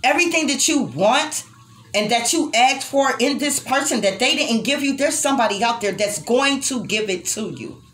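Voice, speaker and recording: Young woman tarot reader, animated higher voice, emphatic and tender, swears freely. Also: normal speed. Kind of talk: tarot reading addressed to viewers.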